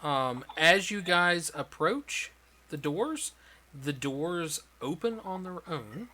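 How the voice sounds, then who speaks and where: Bright-voiced man running a tabletop game. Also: on the high side. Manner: relaxed, halting, with many ums and restarts. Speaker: game master. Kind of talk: narrating a tabletop game on a livestream.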